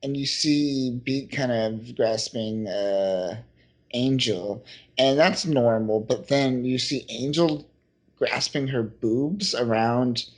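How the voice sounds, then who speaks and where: A man co-hosting a comic book podcast talks slowly in a medium-pitched voice. His casual, profane recap drifts from point to point while he acts out quoted lines from the characters.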